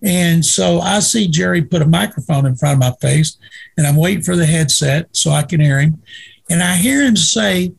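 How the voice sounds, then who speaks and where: An older man from Waco, a retired sportswriter telling lively anecdotes in a casual interview. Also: on the high side, moderate pace, vocal fry, breathy edge. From Waco, Texas. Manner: lively anecdotal storyteller, acts out quoted dialogue.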